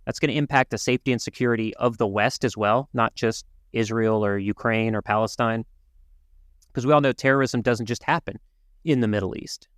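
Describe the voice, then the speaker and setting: A man's voice: medium pitch, no room sound, studio quality. Earnest man co-hosting a podcast. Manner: earnest, measured, with restarts. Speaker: podcast co-host. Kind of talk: casual conversational commentary.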